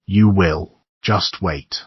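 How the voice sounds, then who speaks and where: A man voicing a cold, calculating young woman who talks with eerie calm. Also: deep voice, takes it slowly, husky, no echo, dull audio, full character voice. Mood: eerily calm.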